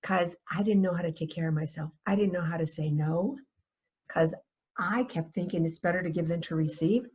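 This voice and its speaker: A woman's voice: fairly low pitch, brisk, a little mellow, slightly rough. A woman from North Dakota, a foster care trainer, giving a webinar talk in a conversational storytelling way, often checking in with "right?". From North Dakota, USA. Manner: conversational, asks rhetorical "right?" questions; storytelling with personal anecdotes.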